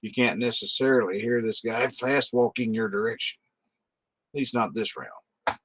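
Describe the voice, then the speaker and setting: A man's voice: mid-range voice, normal speed, a bit bright, slightly rough, no room sound. A man narrating as the game master of a tabletop role-playing game, describing scenes in an easygoing way.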